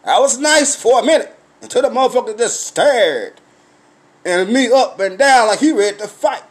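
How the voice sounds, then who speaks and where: A man with a high, lifted voice delivers a profane comic rant. He tells the story loudly and repeats himself, acting out his own confrontations as he goes. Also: expressive, normal speed. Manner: loud, repetitive, swearing storyteller who acts out confrontations.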